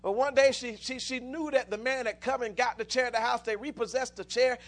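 A man's voice: very high voice, steady tone, fairly quick, fairly bright tone. A man preaching a sermon, telling stories with many restarts and rising into fervent exclamations.

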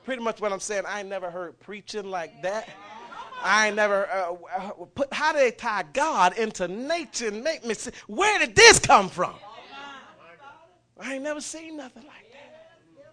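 A man preaching a sermon, folksy and impassioned, swinging from quiet talk to shouting. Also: high-pitched, animated, normal speed. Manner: folksy, dialect speech.

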